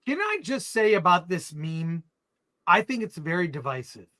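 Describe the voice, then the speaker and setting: A man's voice: high voice, sing-song, moderate pace, a bit bright. A man co-hosting a live election stream, joking and reading memes aloud. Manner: jokey, reads memes aloud. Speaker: co-host. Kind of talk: livestream chat.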